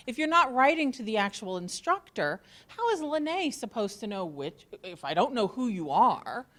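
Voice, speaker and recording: Lively sarcastic woman instructor. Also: mid-range voice. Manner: sarcastic and joking. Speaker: college instructor. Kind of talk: orientation talk to students.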